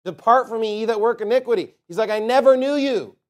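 A man preaching a sermon with passion, reading King James scripture and swinging between loud emphatic peaks and quiet asides. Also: very high voice, fast talker.

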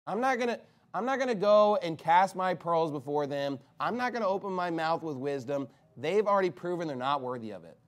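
A man preaching a fiery, scornful sermon as pastor of a church, with sudden loud bursts. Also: on the high side.

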